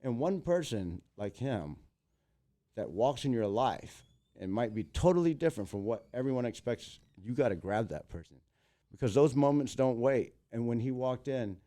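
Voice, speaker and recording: A man in his thirties, an entertainer, telling stories as an interview guest in an animated way, acting out quotes. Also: medium pitch, normal speed. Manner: animated, acts out quotes in big voices. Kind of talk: casual interview storytelling.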